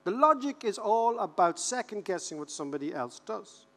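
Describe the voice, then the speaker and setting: An Irish man in his fifties giving a humorous conference keynote, animated and joking, repeating words for rhythm. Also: high-pitched, normal speed. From Ireland. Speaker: keynote speaker. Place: large conference hall. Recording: reverberant conference hall.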